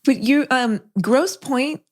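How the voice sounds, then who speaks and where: A woman's voice: sits high, slow, a little mellow. A woman co-hosting a podcast, asking curious follow-up questions. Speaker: podcast co-host. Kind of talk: casual podcast chat.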